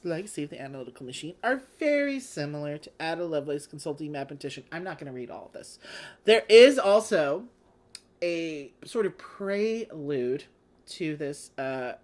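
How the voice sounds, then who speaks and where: A woman hosting a live board game play-along, chatting casually and laughing often. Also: low voice. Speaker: host.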